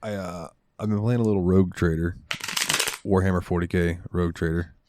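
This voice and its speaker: A man's voice: deep voice, fairly even intonation, a little fast, background noise. A young man co-hosting a gaming podcast, telling stories in a loose, rambling way with lots of fillers. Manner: rambling storyteller, lots of ums and likes. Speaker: podcast co-host. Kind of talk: casual chat.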